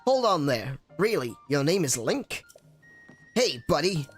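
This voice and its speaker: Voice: medium pitch, big pitch swings, a little slow, breathy edge, faint music behind. A streamer voicing a cheery male bird newspaper reporter in a fan-voiced game playthrough, talking in an old-time American newsreader manner. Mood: brisk, upbeat.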